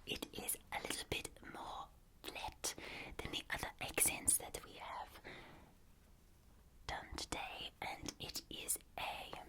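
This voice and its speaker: A woman voicing a whispered ASMR role with a put-on South African accent, flat, slow and repetitive. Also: natural voice.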